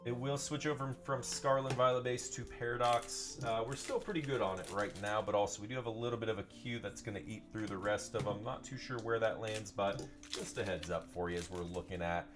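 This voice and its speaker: A man's voice: on the low side, steady tone, a little fast, music in the background. A young man hosting a live pack-opening stream, upbeat and chatty, greeting viewers by name and repeating phrases. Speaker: live card-breaking seller.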